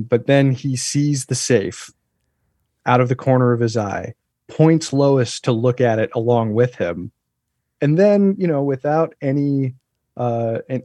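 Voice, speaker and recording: A man talking about a TV episode in a relaxed, thoughtful podcast chat, with frequent fillers. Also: medium pitch, no echo, clean studio sound. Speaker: podcast co-host. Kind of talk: casual chat.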